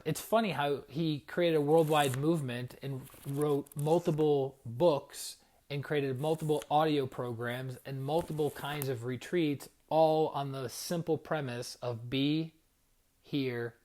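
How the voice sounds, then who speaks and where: A man sharing a personal story in a casual livestream. He rambles and reflects, dropping fillers and asides as he goes. His pitch sits in a middle range. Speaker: spiritual coach.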